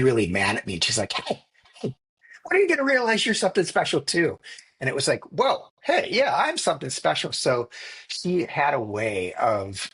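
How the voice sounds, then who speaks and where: A middle-aged man co-hosting a podcast, telling stories in a relaxed, reflective way with frequent restarts. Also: on the low side, slightly rough. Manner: reflective storytelling with many restarts and fillers. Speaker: podcast co-host. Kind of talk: casual conversation.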